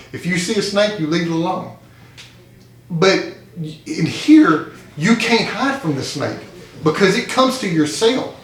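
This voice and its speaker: A man's voice: high voice, a bit bright. A man in a support group speaking earnestly about a life spent incarcerated, telling a parable and repeating phrases for emphasis. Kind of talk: emotional personal testimony. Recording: echoey room.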